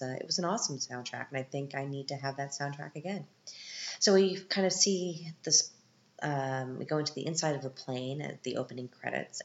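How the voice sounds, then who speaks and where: A woman with a bass voice hosts a podcast, recapping a film in a casual, chatty way and tossing in joking asides. The recording is roomy, with a dull lo-fi sound and slight background noise.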